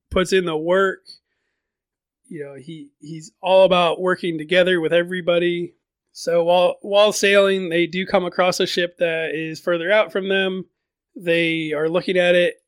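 A man's voice: sits high, fairly bright tone, clean tone, no room sound. A man casually recapping a fantasy book on his podcast, chatty, often repeating words and adding fillers.

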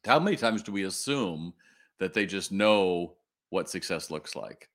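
A man's voice: low-pitched, animated, unhurried. A man in his sixties hosting a live webinar, chatting directly with his viewers while he tells a story. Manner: chatty, addresses the audience directly. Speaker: retail consultant hosting a webinar.

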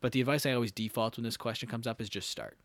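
Fast-talking young man, casual chat. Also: mid-range voice, fairly even intonation, no echo. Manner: fast-talking, lots of fillers. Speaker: podcast guest.

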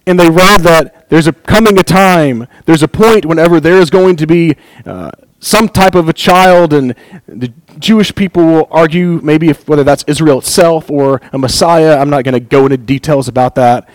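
An earnest, animated man teaches from scripture, reading passages aloud and breaking off to comment with real excitement. His voice sits slightly higher than most men's, and the recording is close and dry, with no room echo. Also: normal speed. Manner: earnest, animated, chuckles often. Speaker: bible teacher. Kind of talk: bible teaching talk.

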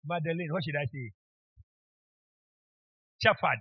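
Husky, bright-voiced teasing bishop. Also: male voice, sits high, expressive, moderate pace, no room sound. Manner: playful, teasing the congregation, calls people by name. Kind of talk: sermon at a church retreat. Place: church meeting hall. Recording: dull lo-fi church recording.

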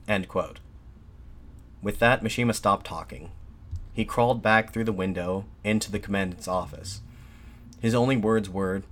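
A man giving a scripted historical narration in a steady, measured reading with occasional restarts. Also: sits low.

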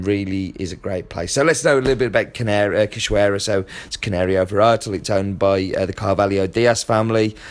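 A man with a fairly low voice presents a short fact segment. He lists numbers and names with small hesitations. He makes self-deprecating remarks along the way.

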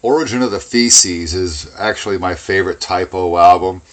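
A man's voice: deep voice, moderate pace. A man co-hosting a podcast, chatting bluntly and casually about music, swearing now and then. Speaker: podcast co-host.

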